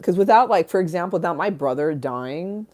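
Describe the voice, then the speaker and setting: A woman's voice: lowish voice, lively intonation, a little fast, darkish tone. A woman hosting a livestream in casual chat, rambling and candid, laughing often and swearing freely. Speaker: livestream host.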